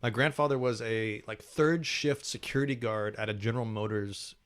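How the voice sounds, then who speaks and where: A man's voice: lowish voice, moderate pace, smooth. Man telling stories in an easy Ohio accent. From United States. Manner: relaxed storytelling with filler words. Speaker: podcast guest, English professor. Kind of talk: casual interview conversation.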